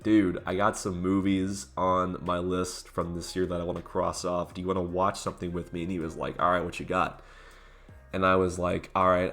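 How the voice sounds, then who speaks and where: A man giving a casual, rambling movie review, full of "like" and "uh" fillers and the odd swear word. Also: deep voice.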